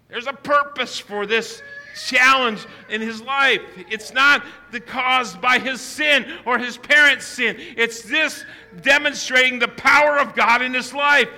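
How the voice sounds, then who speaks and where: Bright, high-voiced man preaching a sermon. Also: measured pace, long reverb tail. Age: older. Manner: emphatic, repetitive preaching with frequent restarts. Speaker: pastor. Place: church sanctuary.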